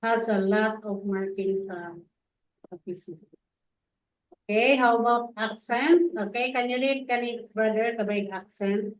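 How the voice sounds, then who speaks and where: A woman's voice: medium pitch, steady tone, unhurried. A woman teaching music notes, casual and chatty, mixing languages and adding tag questions. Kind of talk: casual lesson, code-switching. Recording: echoey room, dull lo-fi sound.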